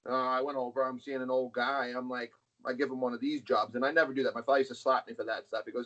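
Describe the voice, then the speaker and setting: A man's voice: mid-range voice, level tone, fast, fairly bright tone. A middle-aged man, a guest on an interview, telling stories casually and bluntly, swearing freely. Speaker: interview guest, arm wrestler. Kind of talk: casual storytelling. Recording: dull lo-fi sound.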